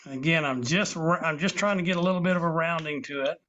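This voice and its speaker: Man, woodcarving instructor, slightly high voice, patient step-by-step explaining, live online class, muffled lo-fi call audio. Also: quick pace, a bit bright, slight background noise. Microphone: video call. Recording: dull lo-fi video call audio.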